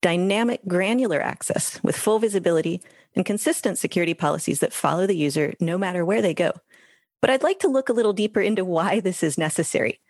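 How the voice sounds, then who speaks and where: A woman, a guest expert on a podcast giving calm, composed explanations. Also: fairly low pitch, quick pace, no room sound, studio quality. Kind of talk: interview answers.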